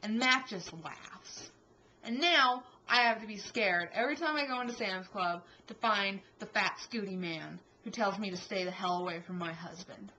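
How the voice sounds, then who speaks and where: A young adult woman telling a story in a casual vlog, animated and exasperated. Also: medium pitch, moderate pace, lo-fi sound, a little hiss or hum. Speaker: vlogger.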